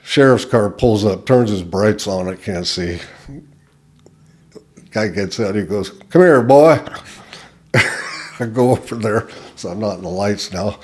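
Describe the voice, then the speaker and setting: An older man from California, a podcast guest telling road stories in a relaxed chat, acting out voices and laughing as he goes. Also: fairly low pitch, unhurried. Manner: animated, laughs while telling, acts out quoted voices. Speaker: guest storyteller. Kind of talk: casual storytelling. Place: podcast studio. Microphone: desk mic.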